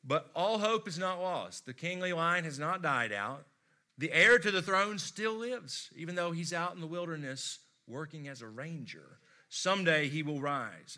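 An American man preaching a sermon, telling stories expressively and swinging from loud emphasis to hushed tones. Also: on the high side, lively intonation, normal speed. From United States. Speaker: pastor.

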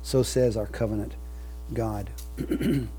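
A man preaching a sermon, building to loud emphatic peaks and falling soft at the ends of phrases. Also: on the low side, steady tone, slow pace, faint music behind, rough recording. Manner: leads congregation in recited scripture. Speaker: pastor.

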